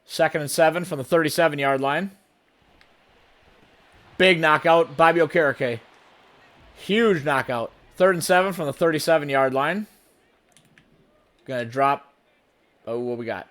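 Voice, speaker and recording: A man giving running play-by-play commentary on his own video game session, with sudden bursts of excitement. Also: on the high side, unhurried, pauses often. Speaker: gaming channel host.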